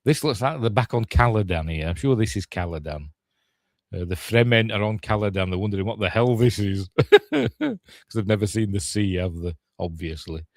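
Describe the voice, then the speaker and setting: A man's voice: on the low side, big pitch swings, moderate pace, no room sound. An older man with a Yorkshire accent, chatting casually as a podcast host reacting to a film trailer, grumbling and mocking himself.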